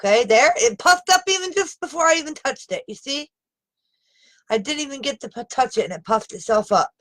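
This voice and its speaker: A woman's voice: high voice, animated, brisk, fairly bright tone, rough recording. A woman talking unscripted on a live video into a phone camera, upset and exasperated, pleading and emphatic as she presses her point. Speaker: live streamer.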